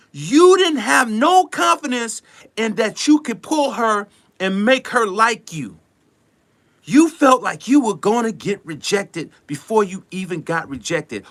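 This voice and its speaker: Animated man giving a preachy rant. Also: sits high. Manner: animated, preachy, acts out little scenes. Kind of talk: motivational rant.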